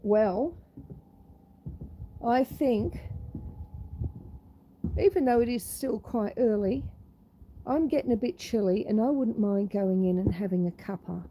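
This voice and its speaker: Speaking slowly and often pausing at a medium pitch, a homestead vlogger chats to her viewers as she heads from the freezing fog into her house. She coos at her pets on the way, and the background is noisy.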